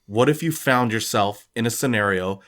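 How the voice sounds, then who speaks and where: A man's voice: lowish voice, a bit bright. A man co-hosting a casual podcast, talkative and full of fillers, setting up a scenario. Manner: talkative, many fillers, drops into quick put-on voices. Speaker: podcast co-host. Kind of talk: casual chat, posing scenarios.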